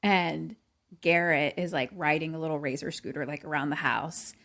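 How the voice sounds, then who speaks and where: Animated woman retelling a movie. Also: sits low, normal speed. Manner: animated, acts out characters' lines, laughs often. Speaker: podcast co-host. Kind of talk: casual retelling of a film plot. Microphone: remote call.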